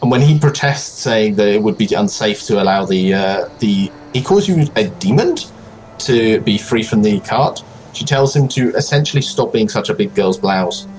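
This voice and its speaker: A man narrating as game master of a tabletop role-playing game, calm and measured. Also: on the low side, slight background noise.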